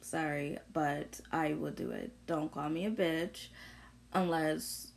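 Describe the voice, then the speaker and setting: A woman's voice: sits low, steady tone, slow, gravelly. A young woman vlogger ranting bluntly through an unscripted monologue, full of profanity and confrontation. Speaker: vlogger sharing opinions.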